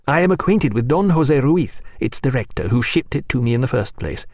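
A man voices a courteous gentleman who speaks in long, elaborately polite sentences. The lines rise and fall with feeling, and the recording is dry and close. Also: mid-range voice, animated, brisk, no echo. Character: courteous male ship's surgeon, gentleman.

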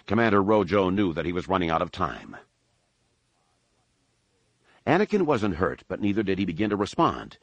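Deep-voiced man narrating an audiobook. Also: very animated, fast talker, dry recording, lo-fi sound. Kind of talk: scripted narration.

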